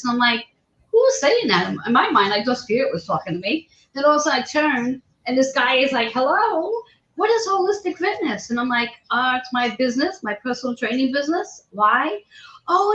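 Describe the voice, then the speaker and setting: A woman hosting a casual chat, telling a story with lively, acted-out quotes. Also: fairly high pitch. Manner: animated storyteller, acts out quoted voices. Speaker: host. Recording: roomy, dull lo-fi sound.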